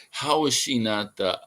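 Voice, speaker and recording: A man's voice: mid-range voice, sharp tone. A man hosting a livestream as an artist, telling stories in a rambling casual monologue with fillers and chuckles.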